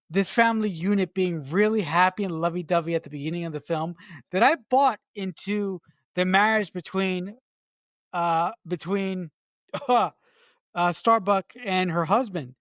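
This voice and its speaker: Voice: medium pitch, a little slow, fairly bright tone, dry recording, studio quality. A podcast co-host giving earnest, candid opinions about a film in casual chat. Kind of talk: casual movie review chat.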